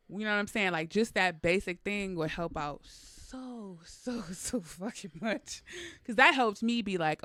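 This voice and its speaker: A woman's voice: mid-range voice, unhurried, few pauses, sharp tone, no room sound. A woman co-hosting a podcast, talking candidly and animatedly, laughing often as she makes her point. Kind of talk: casual chat.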